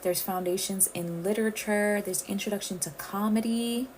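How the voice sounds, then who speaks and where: A woman from the Caribbean hosts a chatty, casual livestream, speaking at normal speed with medium pitch and fairly even intonation while addressing viewers as y'all. The rough recording has a little hiss or hum.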